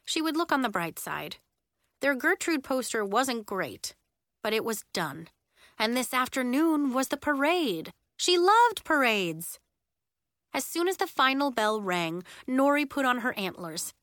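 A woman narrating a children's chapter book in a clear, even storytelling manner. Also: high-pitched, unhurried, dry recording, studio quality. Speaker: audiobook narrator.

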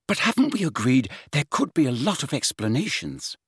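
A man's voice: medium pitch, huge pitch swings, normal speed, a bit bright, slightly rough, dry recording, clean studio sound, voice pushed up, heavily acted. A man voicing an impatient, clever teenage girl who keeps reasoning with a friend. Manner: impatient, repressive.

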